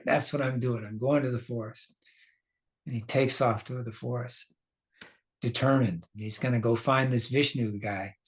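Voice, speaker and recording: A man teaching a scripture class, telling the story casually, laughing now and then and quizzing his listeners. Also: medium pitch.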